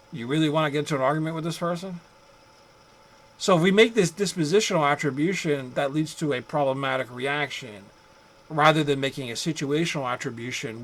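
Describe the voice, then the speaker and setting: In a rough recording of a classroom lecture, a man with a slightly high, fairly bright voice talks psychology conversationally. He throws in rhetorical asides and acts out angry drivers.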